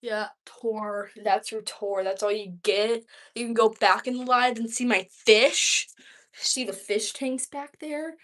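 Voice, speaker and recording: A woman's voice: on the high side, slow, a bit bright. A young woman from Georgia in the United States, rambling casually at home on a livestream, answering viewer questions with lots of "like". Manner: rambling and chatty, heavy use of "like". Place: her home.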